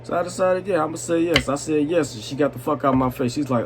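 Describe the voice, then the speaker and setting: A man's voice: on the high side, fast, few pauses, noisy background. Tipsy young man telling a story. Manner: loose, swearing, laughing, asks "you know what I'm saying". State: tipsy from vodka. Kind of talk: drunk storytime, casual and profane.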